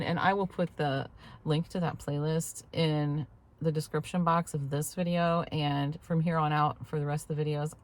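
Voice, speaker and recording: A woman's voice: low-pitched, creaky. A post-menopausal woman in her fifties chatting casually to camera, rambling and laughing now and then, recorded on a clip-on mic. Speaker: vlogger. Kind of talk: casual vlog chat. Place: in a parked truck.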